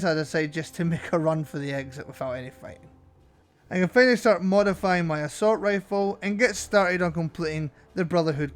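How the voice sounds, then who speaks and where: A man narrating gameplay commentary as a channel host, wry and self-mocking. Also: fairly high pitch.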